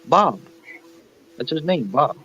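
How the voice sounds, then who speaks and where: A man's voice: fairly high pitch, very animated, slow, highs cut off, a little hiss or hum. A man co-hosting a podcast, laid-back and joking in casual chat. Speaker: podcast co-host.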